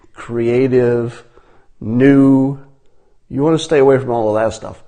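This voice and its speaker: A man's voice: medium pitch, warm tone. Dry, ironic man giving a mock lesson. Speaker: commentator. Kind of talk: deadpan satirical monologue.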